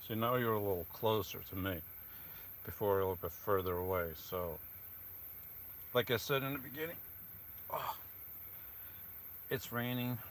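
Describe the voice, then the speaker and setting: Hushed low-voiced man streaming from a van. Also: normal speed, long pauses, a little hiss or hum. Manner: talks quietly, keeping his voice down. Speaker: vlogger live-streaming. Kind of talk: casual live stream chat. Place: inside a van on a rainy night. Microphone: phone propped close.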